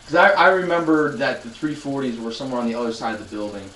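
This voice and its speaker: A man's voice: medium pitch, quick pace, sharp tone, far from the mic. Man in his twenties, casual live-stream chat, rambling with restarts, roomy echo, faint background noise. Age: 20s. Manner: rambling storyteller, many restarts, talking to chat. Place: loud room.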